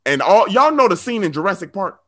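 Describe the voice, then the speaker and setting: High, bright-voiced man telling stories. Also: a little fast. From South Side of Chicago. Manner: animated, laughing often, slangy asides to the audience. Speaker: storyteller on a comedy show. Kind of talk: comic storytelling.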